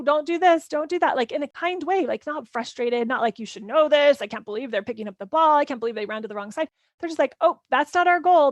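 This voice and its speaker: A woman's voice: fairly high pitch, no room sound. A woman parenting coach teaching a live workshop in a casual, chatty way, full of "like" and "right?".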